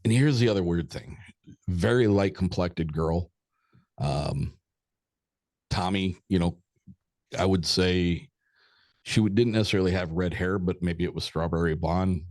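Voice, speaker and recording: A man's voice: deep voice, measured pace, a little mellow, dry recording, studio quality. A middle-aged man, a podcast guest, telling a long story in a rambling, hesitant way with some swearing. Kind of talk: casual storytelling.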